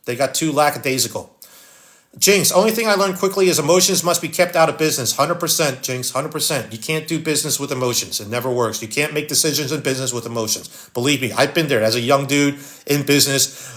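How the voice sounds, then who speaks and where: Live-stream host, man, Philadelphia accent, higher-pitched, blunt and no-nonsense while reading comments. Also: quick pace, fairly bright tone. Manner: blunt, wisecracking, reads viewer comments aloud. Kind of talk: casual live-stream chat.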